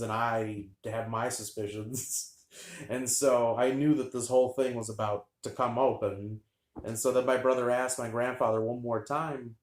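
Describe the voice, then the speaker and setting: A man tells a childhood story in a loose, rambling way, full of fillers and deadpan asides. His voice sits at an ordinary middle pitch. The room around him has a noticeable echo. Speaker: vlogger telling a childhood story. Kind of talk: casual storytelling.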